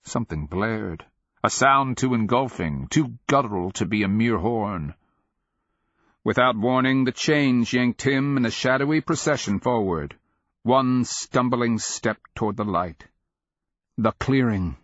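A man narrating a dark fantasy audiobook in a measured, grave storytelling manner. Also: medium pitch, dry recording, muffled recording.

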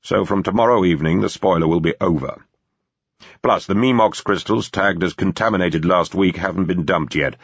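A man voicing a calm, formal male security chief with a measured manner. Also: deep voice, husky, no echo, muffled recording. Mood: matter-of-fact.

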